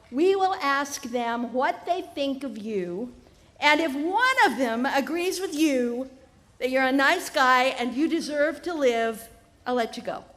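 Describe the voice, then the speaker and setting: A woman voicing a sly, lying male snake in a told story, coaxing and smug. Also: sits high. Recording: live festival tent with long reverb.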